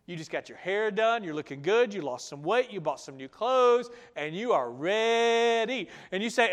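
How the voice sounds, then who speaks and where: A male pastor giving a sermon, acting out his listeners' objections and then dropping to a soft, earnest tone to reassure them. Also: very high voice, normal speed, few pauses. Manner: animated, acts out listeners' objections in raised voices.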